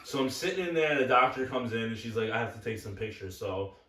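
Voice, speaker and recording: A man's voice: medium pitch, animated, quick pace, bright, forceful tone. A young man telling crude stories on a casual podcast, rambling and blunt. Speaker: podcast co-host. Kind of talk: casual chat. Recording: echoey room from far off.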